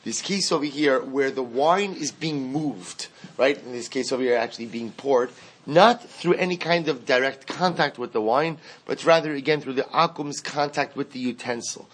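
A man's voice: mid-range voice, moderate pace, breathy edge. Man teaching Talmud in singsong cadence. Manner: explains in a singsong study cadence, mixing Aramaic and Hebrew terms; repeats and restarts phrases, asks and answers his own questions. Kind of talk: Talmud class lecture.

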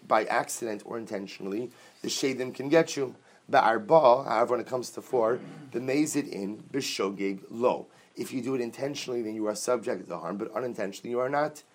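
Male Talmud teacher, animated delivery, explains phrase by phrase, class setting. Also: medium pitch, a little hiss or hum. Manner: animated, explains Aramaic phrase by phrase, laughs with students.

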